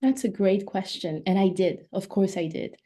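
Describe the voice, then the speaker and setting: A woman in her thirties from Ivory Coast, a native French speaker, telling stories from her life in a relaxed, reflective way as an interview guest. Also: medium pitch, moderate pace. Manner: reflective, storytelling. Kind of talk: casual interview conversation.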